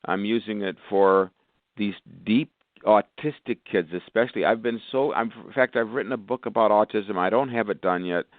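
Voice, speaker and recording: A man's voice: fairly low pitch, moderate pace, dry recording. A male physician guest talking with enthusiasm on a phone interview, rambling through long lists. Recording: tinny phone line, dry.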